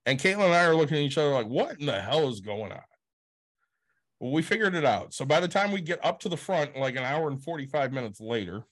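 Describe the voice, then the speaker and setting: A man casually telling a long convention story as a podcast co-host, acting out quotes and swearing freely. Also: medium pitch.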